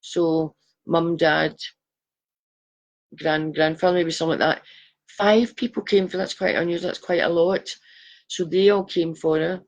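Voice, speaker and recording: A woman's voice: fairly low pitch, flat delivery, measured pace, pauses often, dull audio. A woman giving live psychic readings, chatty and affectionate, calling viewers darling. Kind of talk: live-stream chat reading viewers' photos.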